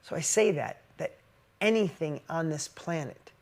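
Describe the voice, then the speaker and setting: A man in his forties giving a motivational business talk, emotional and shifting from loud emphatic bursts to quiet reflection. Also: fairly high pitch, lively intonation, a little slow, creaky. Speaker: business speaker.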